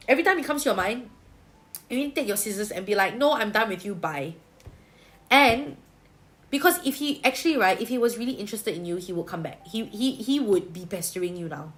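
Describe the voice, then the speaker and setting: A woman's voice: mid-range voice, a bit bright. A woman with a Singaporean accent giving a livestream tarot reading, chatty and colloquial, with Singlish particles and big-sister reassurance. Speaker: tarot reader.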